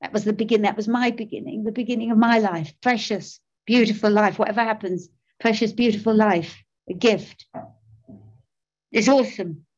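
A woman's voice: mid-range voice, normal speed, a little mellow, dull audio. An older woman, giving a personal testimony about her recovery, self-mocking, emotional and often laughing. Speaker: recovery speaker.

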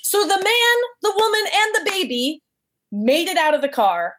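A woman's voice: very high-pitched, moderate pace. A woman guest telling a personal story casually, acting out the voices she quotes. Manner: animated, acts out quoted voices.

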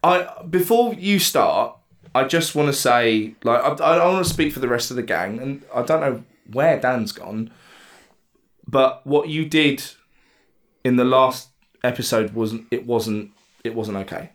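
Lively, playful man chatting casually. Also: medium pitch, unhurried. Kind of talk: casual chat.

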